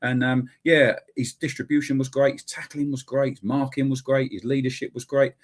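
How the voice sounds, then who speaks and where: A man's voice: mid-range voice, little pitch movement, moderate pace. A man co-hosting a football podcast, talking emphatically and repeating his points in casual chat. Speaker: podcast co-host.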